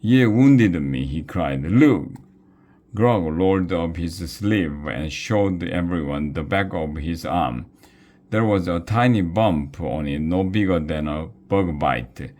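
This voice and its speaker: A man's voice: low-pitched, a little mellow. A man reading a children's book aloud, at times stumbling and restarting a word. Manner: slow, with small slips and restarts. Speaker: storybook reader.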